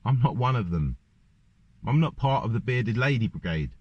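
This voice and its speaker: A man's voice: mid-range voice, animated, moderate pace, darkish tone, husky, dry recording. A man ranting in a monologue to camera, firing off one rhetorical question after another. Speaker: vlogger. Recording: dull lo-fi dry recording.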